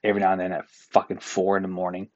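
Rapid-fire and monotone, this Newfoundland podcast host rants solo in his apartment room, exasperated and profane. His low voice is a little mellow, captured in a dry, lo-fi recording.

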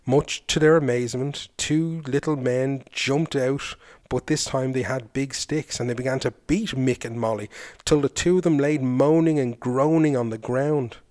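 A man's voice: mid-range voice, a little mellow. Man telling a folk tale. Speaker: folklore podcast host. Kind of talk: storytelling narration.

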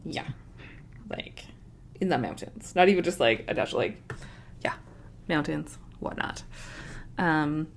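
Low-voiced chatty woman podcaster. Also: a little hiss or hum. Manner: chatty, lots of "like" fillers. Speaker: podcast co-host. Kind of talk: casual book chat.

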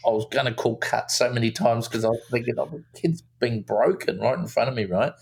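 A man's voice: mid-range voice, a little fast, vocal fry, a little hiss or hum. A man, a film director, telling a story in a casual interview, with lots of restarts. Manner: animated storyteller, acts out quotes, many restarts.

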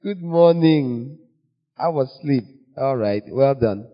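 A man's voice: medium pitch, animated, slow pace. A man voicing a cheerful, fatherly God who greets a sleepy child with a laugh and a breezy manner. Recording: long reverb, dull lo-fi sound.

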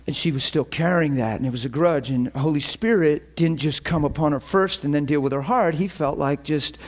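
A man's voice: on the high side, fairly quick. A man preaching a sermon, telling stories with animation and acting out the voices of the people in them. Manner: animated storytelling, acts out quoted voices. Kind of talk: sermon storytelling.

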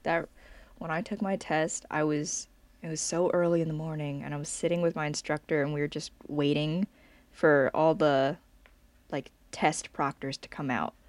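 Low-voiced young woman telling a story. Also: moderate pace, no echo. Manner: animated storyteller, giggly, many "like" fillers. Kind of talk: casual chat.

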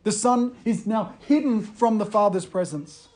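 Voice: medium pitch, measured pace, darkish tone. Earnest preacher explaining scripture. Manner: earnest, explanatory, reads quotes aloud. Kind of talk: sermon.

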